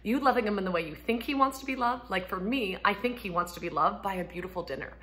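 A woman in her thirties, a homeschooling mom, chatting casually to camera from home, laughing often and acting out quotes in a higher voice. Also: fast talker, pushed and bright. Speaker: homeschooling mom and ministry speaker.

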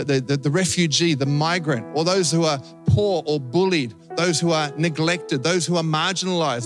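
A man with an Australian accent, a pastor preaching a sermon and telling a story with acted-out voices. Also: fairly high pitch. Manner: animated storytelling, acting out voices.

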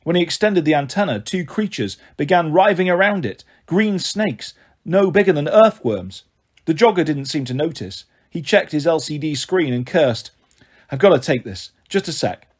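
Lively, husky man reading a story. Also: fairly high pitch, moderate pace. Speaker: audiobook reader. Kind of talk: first-person storybook narration.

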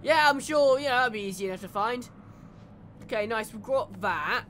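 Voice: mid-range voice, normal speed, fairly bright tone, a little hiss or hum. A gamer giving casual, jokey commentary while playing, laughing and swearing often. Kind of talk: casual let's-play commentary.

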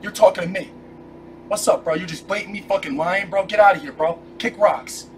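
A high-voiced man fires off quick, confrontational lines inside a cramped RV, tacking bro onto nearly every sentence. He sits a little away from the mic, and a steady wash of background noise runs beneath him. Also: distant mic. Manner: aggressive, confrontational, says bro constantly. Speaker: streamer in a heated argument. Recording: noisy room, voice off-mic.

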